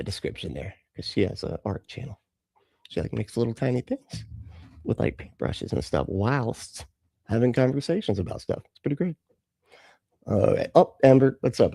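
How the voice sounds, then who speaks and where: A man hosting a casual live stream, greeting viewers by name and laughing between comments. His voice is gravelly and mellow, with lively swings in pitch. The sound is dry and close. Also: no echo. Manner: chatty, greets chat viewers, laughs often. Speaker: livestream host reacting to videos.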